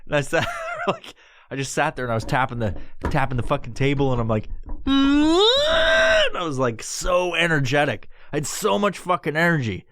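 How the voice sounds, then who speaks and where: A man with a middle-pitched voice rambles through a story of his own as a podcast host, swearing freely and trailing into restarts. The sound is dry and close, with no room in it. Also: fast talker, fairly bright tone, no room sound. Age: adult with a son. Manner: profane, rambling, acts out his own panicked voice in high squeals. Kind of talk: casual storytelling.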